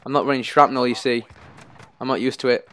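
Excitable gamer narrating live play. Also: male voice, medium pitch, fairly quick, a little hiss or hum. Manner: excitable, anxious, pleading under pressure. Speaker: gaming YouTuber. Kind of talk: live gameplay commentary.

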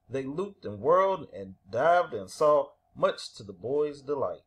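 A man reading a children's picture book aloud with animated storytelling. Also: medium pitch, unhurried. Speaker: reader.

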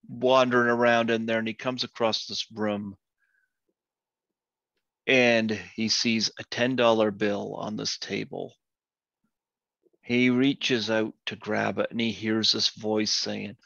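A male podcast host in casual chat who tells jokes as an unhurried storyteller and laughs at his own jokes. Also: lowish voice, steady tone, creaky, pushed and bright, dry recording, lo-fi sound.

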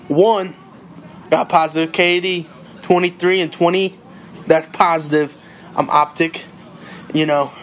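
A cocky young party bro brags his way through a game in lazy, drawling slang, played by a young man. The voice sits a little high for a guy, and a faint hiss of noise runs under it. It plays as a comedic character monologue. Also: lightly acted.

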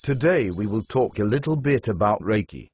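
A man giving a scripted narration, reading in a slow, measured, soothing way. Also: on the low side, animated, darkish tone, faint music behind.

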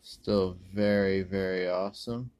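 A man rambling through a pack opening, correcting himself and using many ums and uhs, with sudden bursts of excitement. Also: low voice, a little slow, slight background noise. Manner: bursts of excitement over good pulls. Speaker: card-opening video host. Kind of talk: casual pack-opening commentary.

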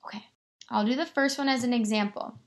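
A woman teacher giving a remote lesson to young children, stretching words out slowly and encouraging them. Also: on the high side. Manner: slow, exaggerated word-stretching, encouraging.

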